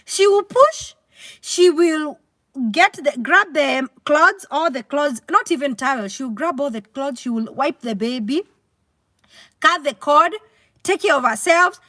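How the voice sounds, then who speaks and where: A woman with a Kenyan accent hosting a casual livestream, chatty and animated, reading out comments and mixing in Swahili. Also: sits high, unhurried, dry recording, clean studio sound. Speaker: livestream host.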